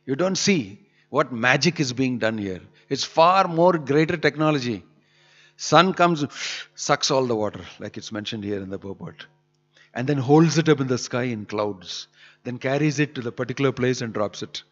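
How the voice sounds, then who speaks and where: A preacher delivers an emphatic scripture sermon in a temple hall, pressing his points with rhetorical questions. His medium-pitched voice is expressive, a bit bright and moderately paced, heard through a dull lo-fi hall recording with long reverb.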